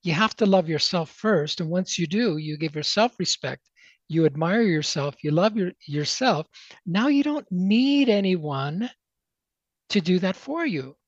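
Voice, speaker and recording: A man speaking as an interview guest, telling a motivational story in an emphatic, animated way. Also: high voice, measured pace, no echo, highs cut off.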